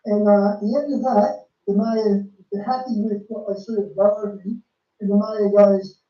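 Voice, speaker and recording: A man's voice: sits high, level tone, moderate pace, dark tone. A man giving casual, emphatic religious commentary, repeating and restarting his phrases. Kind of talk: casual preaching commentary on a film. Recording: dull, lo-fi, roomy sound from a distant mic.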